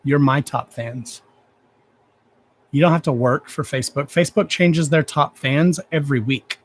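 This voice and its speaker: Here a man with a fairly high pitch talks at a moderate pace as host of a laid-back livestream. His manner is blunt and full of swearing, but he's openly affectionate, gushing over the people watching.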